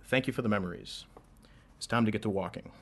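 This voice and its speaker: A man performing spoken word poetry in a rhythmic, dramatic delivery that swells loud and drops low. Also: fast.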